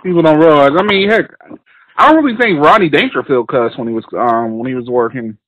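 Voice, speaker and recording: A man's voice: a little high, fairly quick, fairly bright tone, no room sound, rough recording. A man hosting a casual chat, laid-back and agreeable.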